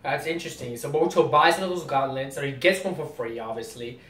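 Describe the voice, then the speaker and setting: A man's voice: quick pace, a bit bright. A man hosting a casual comic reaction video, rambling and explaining as he goes. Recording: roomy distant mic, faint rumble.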